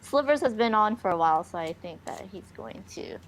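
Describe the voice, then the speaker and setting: A woman's voice: mid-range voice, lively intonation, fairly quick. A woman hosting a livestream in a chatty, hesitant manner. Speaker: livestream host. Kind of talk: casual livestream chat.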